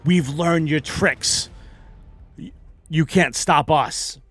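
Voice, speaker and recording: A man voicing a stern male riot trooper in a tabletop game, delivering loud, blunt threats over faint music. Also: on the high side, takes it slowly, slightly rough, heavily acted. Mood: taunting.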